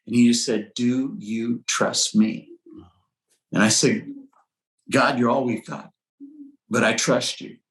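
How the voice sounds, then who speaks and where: Appearing as a guest in an interview with roomy echo, a middle-aged pastor shares his personal testimony in a mid-range, fairly bright, steady voice. He's unhurried with long pauses, telling the story earnestly, quoting dialogue and varying his pace.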